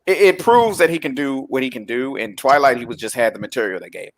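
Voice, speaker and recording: A man in a casual film-chat, co-hosting with a teasing, rambling manner. His voice sits at a middling pitch. He drifts through side remarks as he talks. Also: animated, fast. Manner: chatty, teasing, rambling asides. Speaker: podcast co-host. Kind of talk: casual chat about films and shows.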